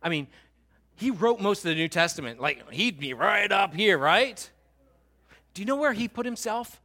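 A man preaching a sermon, moving from animated, loud passages to hushed, slow and intense appeals. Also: high voice. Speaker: pastor.

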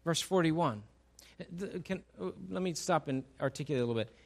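A man's voice: a little high, expressive, fairly quick. A man preaching a sermon, who reads scripture and acts out its dialogue with playful humor. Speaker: pastor.

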